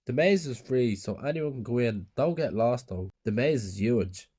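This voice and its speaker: A man's voice: mid-range voice, expressive, moderate pace, mellow, husky. A man voicing a big, friendly maze attendant in a spoken horror story, in a reassuring way.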